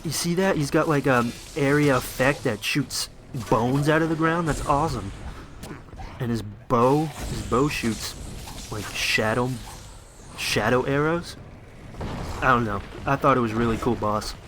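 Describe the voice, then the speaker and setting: A man's voice: mid-range voice, a little slow, noisy background. A young man giving casual, rambling commentary over his gameplay, enthusiastic and full of fillers, shivering a little from the cold.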